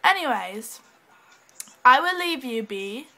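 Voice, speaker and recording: Speaking slowly in a high-pitched, animated, sharp-toned voice, a woman vlogs from home with a cat nearby. The recording is low quality, and her casual rambling comes in a fake English accent, bubbly and scattered, punctuated by giggles and abrupt cutoffs.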